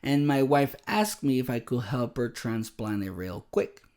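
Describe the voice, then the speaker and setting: A man hosting a podcast, telling a personal story in an animated, self-deprecating way. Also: medium pitch, a little slow. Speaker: podcast host. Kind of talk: casual storytelling monologue.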